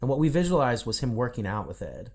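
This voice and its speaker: Animated man telling a story on a video call. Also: medium pitch, fast. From Midwestern United States. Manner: animated storyteller who acts out quoted dialogue. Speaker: podcast guest, voice coach. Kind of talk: casual storytelling in an interview.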